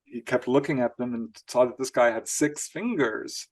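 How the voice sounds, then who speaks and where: A man guest on an interview show, telling strange stories in an animated way, laughing often and acting out quotes. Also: medium pitch, moderate pace. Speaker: author guest. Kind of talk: storytelling interview.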